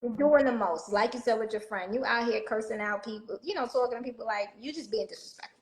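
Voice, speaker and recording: A woman co-hosting a candid casual chat, lively and slangy, backing up her co-host. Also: fairly high pitch, fast. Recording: echoey room.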